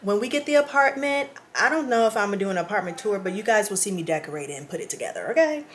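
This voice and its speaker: A woman's voice: medium pitch, lively intonation, quick pace, slight background noise. A woman vlogger talking casually to camera in a small indoor guest room. She is emotional and close to tears, and chats directly with her viewers. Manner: chatty, addresses viewers directly.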